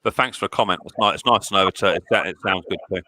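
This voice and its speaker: A British man with a husky voice, chatting casually and rambling on a live stream from a small cold workshop shed. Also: low-pitched, rapid-fire, bright, forceful tone. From Britain. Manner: chatty, rambling with restarts and fillers. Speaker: live stream host, mower repairer. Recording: dry, close studio mic.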